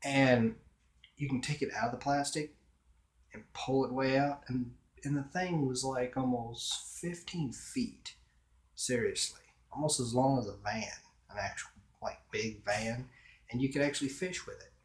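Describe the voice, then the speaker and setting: A vlogger chats casually in his own room, his mid-range voice unhurried. He meanders along with many fillers and restarts, and the recording has a roomy echo.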